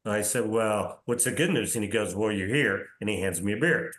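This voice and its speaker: A man in his sixties, a podcast guest telling career anecdotes in a casual, animated way, often acting out reported dialogue and checking in with "right?". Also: on the low side, brisk. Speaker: interview guest, soccer league commissioner. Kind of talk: casual storytelling in a podcast interview. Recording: roomy echo.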